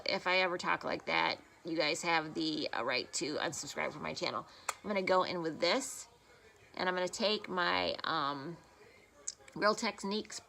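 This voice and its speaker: Recording on her phone at home, a woman talks through a makeup tutorial in a lowish voice with vocal fry that sounds pushed and bright. Her casual chat rambles and pokes fun at herself.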